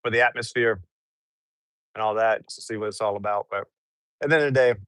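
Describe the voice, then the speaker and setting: A man's voice: lowish voice, fast, fairly bright tone, clear, resonant tone, no echo. A young American man chatting casually in a travel eating vlog, laid-back and rambling, with frequent chuckles. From United States. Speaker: travel vlogger. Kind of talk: casual mukbang vlog chat.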